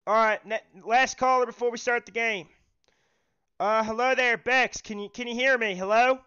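High, bright-voiced male stream host. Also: fairly even intonation, smooth, lo-fi sound. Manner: halting, repeats himself. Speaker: livestream host taking callers. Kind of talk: hosting a call-in show.

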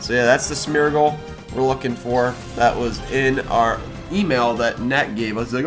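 Playing through a game as a let's play host, an excitable young man talks over faint game music. His voice sits in the middle range for a man, and he reacts out loud, chatting with characters and blurting quick exclamations.

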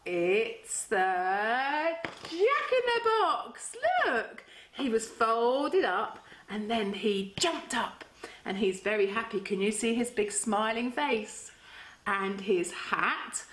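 Cheerful British woman singing and talking to toddlers; very animated pitch, echoey room. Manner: bright sing-song, playful, exaggerated high exclamations. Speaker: children's music class leader.

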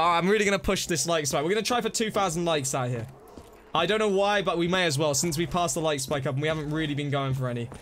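A man's voice: fairly high pitch, a bit bright, slight background noise. A young man streaming a game live, chatting casually with his viewers between plays. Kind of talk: casual live-stream chat while gaming.

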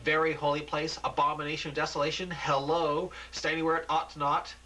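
A man's voice: on the high side, level tone, fairly quick, pushed and bright, pitched above the performer's own voice, rough recording. A man voicing a zealous male TV preacher who pleads and preaches with urgency in a raised voice. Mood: preachy.

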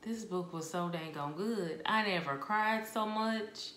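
Slow-talking bright-voiced woman reviewing books. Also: medium pitch, reverberant. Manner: expressive, chatty, with laughs and asides. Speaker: book vlogger. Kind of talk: casual book review chat.

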